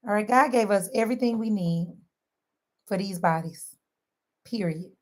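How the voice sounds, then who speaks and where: A woman talking straight to her viewers in a lively, sermon-like way, mixing casual slang and laughter into faith-based wellness advice. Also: medium pitch, moderate pace. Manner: animated, sermon-like, southern-inflected slang with frequent laughs. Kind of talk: lively preachy direct-to-camera talk.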